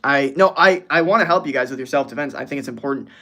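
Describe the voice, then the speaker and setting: A man's voice: medium pitch, fast talker, pushed and bright. A young man streaming casually, reading viewer comments aloud in a laid-back way and laughing easily. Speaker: streamer answering chat. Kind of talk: casual livestream chat.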